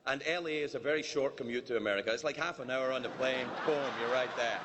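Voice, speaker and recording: A man's voice: mid-range voice, quick pace, background noise. A man from Scotland with a Scottish accent, performing a teasing, mock-indignant stand-up monologue as the comedian at a formal dinner. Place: large banquet hall. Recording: long reverb of a large banquet hall.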